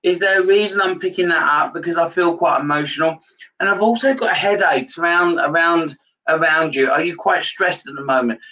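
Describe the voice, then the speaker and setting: Man, medium on a live stream, rambling and hesitant, bright-edged voice, dull far-off mic. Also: on the high side, brisk. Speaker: psychic medium. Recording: dull lo-fi sound from a distance.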